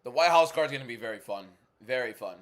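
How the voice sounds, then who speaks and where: A young man hosting a fight-night watchalong stream from home, reading viewer questions and giving frank, quick opinions in casual chat. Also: medium pitch, lively intonation. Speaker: livestream host.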